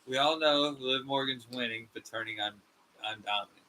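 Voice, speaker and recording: A man's voice: medium pitch, moderate pace, background noise. A man co-hosting a podcast in casual chat, blunt, argumentative and swearing. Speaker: podcast co-host.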